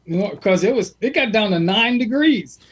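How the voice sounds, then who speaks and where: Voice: mid-range voice, expressive, normal speed, breathy edge, dull audio. A caller from Texas on a video call, speaking plainly and bluntly in casual chat.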